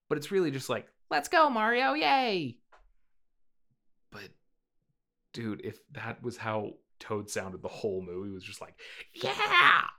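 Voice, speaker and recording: A man casually chatting as a podcast co-host, rambling with lots of fillers and breaking into playful squeaky character voices. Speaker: podcast co-host reviewing a movie. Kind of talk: casual chat.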